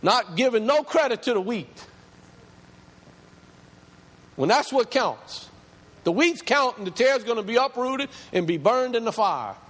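A male pastor preaches with a high, strongly varied voice that climbs as he presses his points. His words ring out with a long reverb, as if in a large church hall. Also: lively intonation, normal speed, a bit bright. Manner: impassioned preaching, rising pitch as he builds. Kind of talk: sermon.

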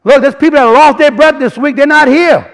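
A man teaching a sermon in a casual, animated way, often restarting phrases and building emphasis. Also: very high voice, a little fast. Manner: animated, repeats and restarts, rising emphasis, colloquial grammar. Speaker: preacher. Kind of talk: sermon teaching from word studies.

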